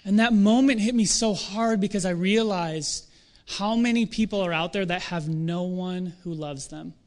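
A young adult man preaching a sermon in a conversational, animated way, with self-deprecating asides. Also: sits high. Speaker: pastor.

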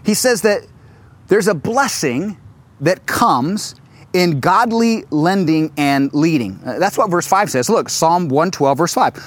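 A middle-aged pastor preaching a sermon into a stage microphone. His voice sits a little high for a man, and he tells stories in an animated way, acting out quotes. He slows down to stress scripture. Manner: animated storytelling with acted quotes.

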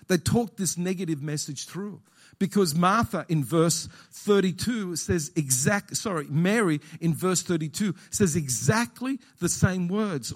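Male pastor, high-ish voice that swoops a lot; preaches in an auditorium, repeats lines, quizzes the congregation. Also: unhurried. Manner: animated preaching, repeating key phrases, questioning the congregation. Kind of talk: sermon.

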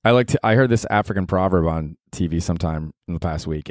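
A man's voice: low voice, quick pace, darkish tone, no room sound, clean studio sound. A young man hosting his own podcast solo, telling rambling stories in a casual, profane way, laughing at himself and saying "dude" often. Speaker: podcast host.

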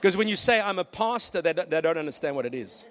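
Brief: fired-up male preacher with a high voice who tells stories from the pulpit and rallies the crowd. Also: fast talker. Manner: energetic, with storytelling and "come on" calls to the congregation. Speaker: pastor. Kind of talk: preaching a sermon.

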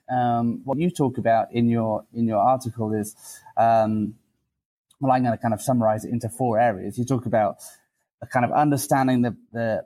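Guy hosting a podcast, mid pitch, loose rambly chat with lots of ums. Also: dark tone, rough recording. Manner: hesitant, many fillers and restarts. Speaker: podcast host. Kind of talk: casual podcast interview.

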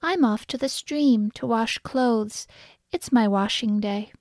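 A bright, exclaiming old woman from a folk tale, voiced by a female storyteller. Her voice sits higher than the narration and bubbles with surprise. It is recorded close and dry. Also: slow pace, no echo. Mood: cheerful. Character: kindly poor old woman, excitable.

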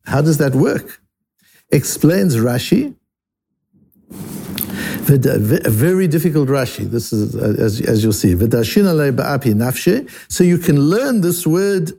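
A man giving a Talmud lesson with a gravelly, mellow voice that sits a little high. He explains each step carefully, often repeating and restarting words, and weaves Hebrew and Aramaic terms into his English. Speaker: Talmud teacher.

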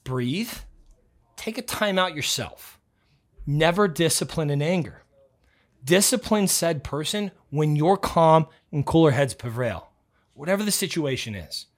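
A man hosting a motivational podcast, talking bluntly and loudly with some swearing, a self-described yeller. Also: on the high side, animated, a little slow. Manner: blunt, profane and fired up. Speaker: podcast host.

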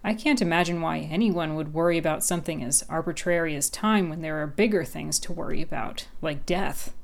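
A woman voicing a wary, aloof male house cat in a dry, measured way. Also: low-pitched, vocal fry. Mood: wry.

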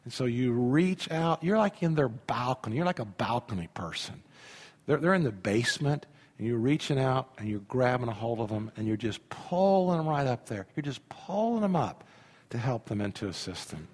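A man's voice: medium pitch, lively intonation, normal speed. A man in his fifties, a pastor preaching a sermon with emphasis and leading his congregation in call-and-response. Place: church sanctuary. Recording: reverberant church hall.

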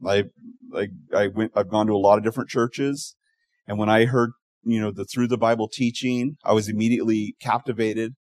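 Pastor preaching in a dry, close sound. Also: male voice, fairly low pitch, steady tone, brisk, darkish tone, no echo. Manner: storytelling with voiced quotes, frequent restarts. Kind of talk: sermon.

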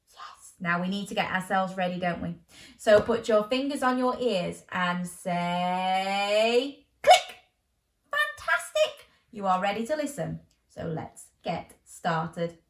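A woman's voice: mid-range voice, fairly bright tone. Woman storyteller, bedtime story for children, playful, asks questions, sing-song, roomy echo.

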